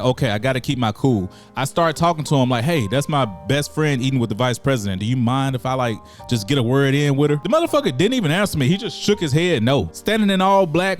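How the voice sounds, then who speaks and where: A man speaking tells his story casually, cursing freely and jumping into quick impressions of the people in it. His voice sits a bit high for a man. Faint music runs under the talk. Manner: profane, animated, acts out quotes. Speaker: storyteller vlogger.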